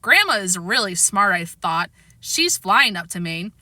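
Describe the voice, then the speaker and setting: A woman narrating a children's chapter book aloud with expressive delivery. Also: mid-range voice, a little slow, no echo. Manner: lively, expressive. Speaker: audiobook reader. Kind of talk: storybook narration.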